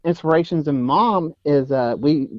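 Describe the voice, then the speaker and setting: A man's voice: fairly high pitch, moderate pace, dull audio. A man from Texas, a guest actor telling stories in a casual interview, rambling with many fillers and restarts.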